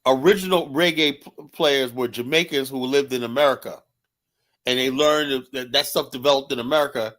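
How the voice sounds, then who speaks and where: A man with a medium-pitched, slightly bright voice argues heatedly in a casual live-stream debate. He keeps tacking on rhetorical questions, especially "you know?"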